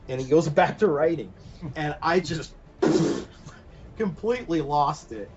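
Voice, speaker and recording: A man guest on a podcast, telling a long story in an animated, rambling way full of fillers. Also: on the high side, a little slow. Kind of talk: casual anecdote telling. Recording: dull lo-fi podcast audio with faint music.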